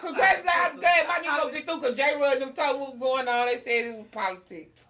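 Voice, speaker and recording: A woman hosting a podcast, telling a story in casual chat, animated and laughing often. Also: sits high, a little fast. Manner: animated storyteller, laughs often, gets loud when excited. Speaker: podcast host.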